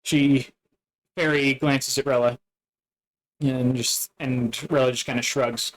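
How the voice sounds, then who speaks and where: A man narrating a tabletop game as its game master, casual and halting, with many fillers. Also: mid-range voice, fairly even intonation, low-quality recording.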